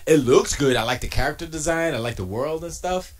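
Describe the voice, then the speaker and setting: A man streaming from his home studio, chatting casually and answering his chat, joking and arguing in an animated way. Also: medium pitch, fast talker, hardly any pauses.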